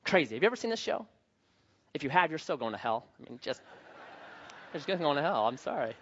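A male pastor preaching a sermon in an animated, joking, conversational manner. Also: fairly high pitch, fast talker, highs cut off, slight background noise.

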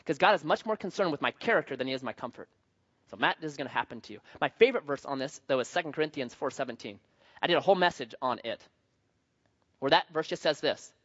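A male pastor preaching a sermon in an animated, joking, conversational manner. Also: a little high, brisk, lo-fi sound.

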